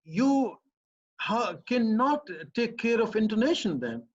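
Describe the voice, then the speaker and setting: Speaking slowly with big pitch swings in a very high voice, a professor with a Pakistani English accent answers a student's questions. His academic explanation is emphatic and full of repeated phrases, heard through a muffled lo-fi recording.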